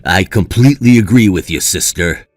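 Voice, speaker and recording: Actor voicing a supportive young brother, reassuring, dry voice, faint music underneath. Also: male voice, fairly low pitch, moderate pace, dry recording, natural voice. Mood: sympathetic. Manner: sympathetic, reassuring.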